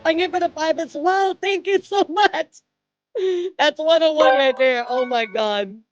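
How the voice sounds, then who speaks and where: A young woman streaming live, excitedly thanking viewers, laughing often and swearing. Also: sits high, unhurried, dull audio, soft background music.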